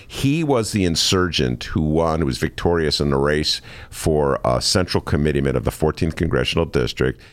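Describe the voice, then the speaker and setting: A man's voice: a bass voice, expressive, moderate pace, few pauses. A man hosting a radio talk show, speaking in a wry, easygoing drawl. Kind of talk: casual radio chat and interview.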